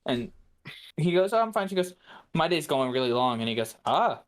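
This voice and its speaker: Animated man telling a story. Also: on the high side, moderate pace. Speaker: podcast co-host. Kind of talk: casual chat, storytelling.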